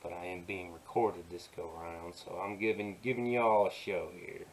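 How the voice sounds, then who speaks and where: A man teaching digital painting in an easygoing, soft-spoken way, talking himself through each step in a put-on folksy drawl. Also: low-pitched, steady tone, moderate pace, a little hiss or hum. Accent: put-on folksy drawl while working. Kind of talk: relaxed screen-recorded painting tutorial.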